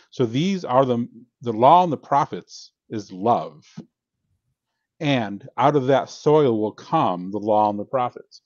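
A man's voice: mid-range voice, a little mellow, no room sound, lo-fi sound. Earnest man explaining scripture. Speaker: podcast guest, author. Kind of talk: casual theological discussion.

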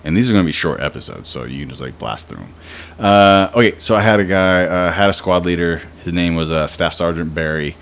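A man's voice: low-pitched, a little fast. A young man telling rambling, profane stories in a casual podcast, with lots of fillers. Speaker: podcast host. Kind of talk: casual storytelling.

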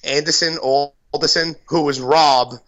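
Rambling Brooklyn man, bright lo-fi sound. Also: on the high side, fairly even intonation, a little slow. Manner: rambling storyteller, heavy fillers and swearing. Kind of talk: casual chat. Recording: dull lo-fi sound.

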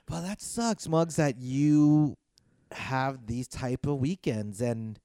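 A man's voice: medium pitch, slow pace, mellow, dry recording, clean studio sound. A man co-hosting a podcast in a laid-back, teasing way, often trailing off. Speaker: podcast co-host. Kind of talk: casual podcast chat.

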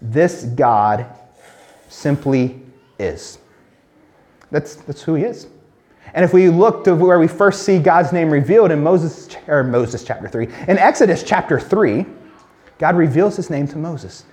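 Male pastor, high tenor, earnest sermon delivery with emphatic swells. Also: expressive, darkish tone. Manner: earnest, emphatic, slows and drops low when quoting God.

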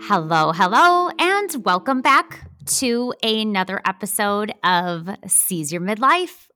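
A woman's voice: medium pitch, big pitch swings, slow pace, pushed and bright. A middle-aged woman with a Midwestern accent hosting a podcast interview, bubbly and gushing with enthusiasm. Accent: Midwestern American. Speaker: podcast host.

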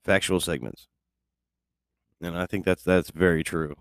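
Gravelly, slow-talking man with a low voice. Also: steady tone, no echo, clean studio sound. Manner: laid-back, profane, chuckles often. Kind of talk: casual rambling monologue.

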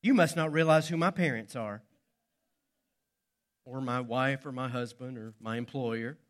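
A man's voice: mid-range voice, unhurried, pitched below the performer's own voice, lightly acted. A man playing an arrogant adult who boasts about their status. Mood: boastful. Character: arrogant boastful adult throwing weight around.

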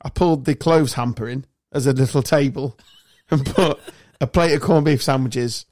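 An English man hosting a casual podcast, telling rambling anecdotes and breaking into quoted voices. He swears freely and laughs often. His voice sits at an ordinary pitch and is recorded dry and close. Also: moderate pace, a little mellow, dry recording. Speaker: podcast host. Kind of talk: casual chat.

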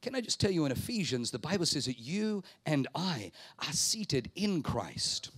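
A man's voice: a little high, big pitch swings, moderate pace, a bit bright, husky, no echo. A man preaching a sermon with emphatic, repetitive phrasing, rhetorical questions and calls for the congregation to respond. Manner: calls the audience to respond aloud. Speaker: pastor.

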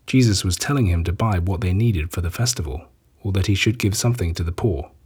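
A man reading a gospel chapter aloud in a measured, solemn narration. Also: deep voice, darkish tone, breathy edge. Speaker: scripture reader. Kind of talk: scripted Bible reading.

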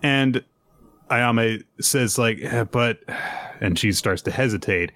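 A man co-hosting a podcast, chatting casually and recapping chapters, animated and acting out quoted lines. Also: mid-range voice, slow. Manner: animated storyteller who acts out quotes. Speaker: podcast co-host.

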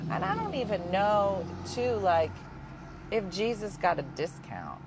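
A woman hosting a casual chat, telling a story in an animated way and acting out the voices of the people she quotes. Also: fairly low pitch, takes it slowly, background noise.

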